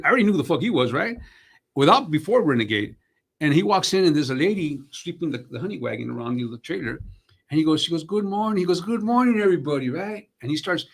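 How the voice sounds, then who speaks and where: A man's voice: a little high, creaky, slightly rough. A man in his sixties, an actor and comedian, telling stories in a casual interview in a streetwise way, swearing freely and calling people bro and man. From United States. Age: 60s.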